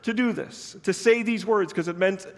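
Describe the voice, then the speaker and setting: A man's voice: high-pitched, normal speed. A man preaching a sermon, telling a story in an earnest, conversational way. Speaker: pastor. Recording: long reverb of a large hall.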